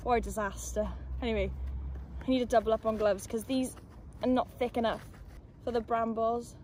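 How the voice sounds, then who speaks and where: A woman's voice: fairly high pitch, steady tone, normal speed, darkish tone, a little hiss or hum. A woman chatting casually and self-deprecatingly in a vlog at her outdoor allotment. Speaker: allotment vlogger. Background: birdsong and outdoor ambience.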